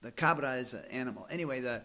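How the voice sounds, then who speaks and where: A man's voice: medium pitch, rapid-fire, a loud crowd. A man who is a priest and a podcast guest, telling a self-mocking story in a casual chat and hesitating as he searches for words.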